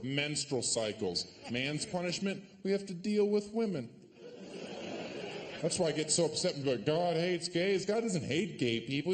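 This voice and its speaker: Male stand-up comic, deadpan sarcasm, somewhat high animated voice, live stage mic, clear audience noise. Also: in a large hall. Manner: sarcastic, deadpan, with sudden loud put-on voices. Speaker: stand-up comedian. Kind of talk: stand-up comedy set.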